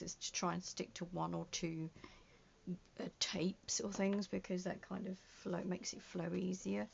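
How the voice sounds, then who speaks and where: A woman's voice: on the low side, gravelly, a little hiss or hum. A woman chatting casually to herself while making a junk journal, muttering and often slipping into a whisper as she works. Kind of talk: casual crafting vlog. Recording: dull lo-fi sound.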